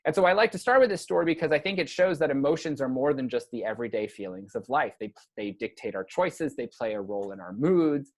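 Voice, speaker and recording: A man delivers a relaxed university lecture at a mid-range pitch. He talks conversationally and drops into short acted-out lines when he voices a patient. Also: fast talker, few pauses.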